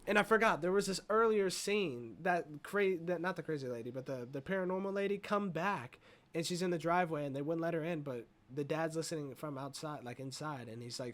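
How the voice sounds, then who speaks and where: A man's voice: fairly high pitch, brisk, fairly bright tone. Rambling profane man reviewing a movie. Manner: rambling, profane, full of fillers like "you know". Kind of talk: casual movie review retelling.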